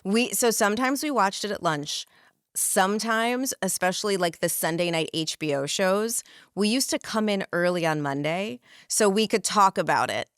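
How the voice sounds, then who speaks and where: A woman podcast host telling a story in casual chat, animated and acting out quotes. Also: medium pitch, normal speed, clear, resonant tone, no room sound, studio quality.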